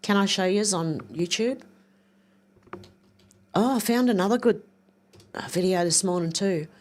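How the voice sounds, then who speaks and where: A woman's voice: medium pitch, a little slow. Older woman, casual livestream chat, rambling and chatty, reads comments aloud. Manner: rambling, chatty, thinks aloud while clicking around. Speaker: livestream host.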